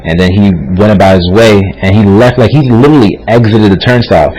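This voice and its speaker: A man on a podcast, recounting a personal story at a quick clip in a low-pitched voice. He rambles with lots of fillers and restarts, keeping the tone casual. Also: darkish tone, rough recording. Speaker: podcast co-host.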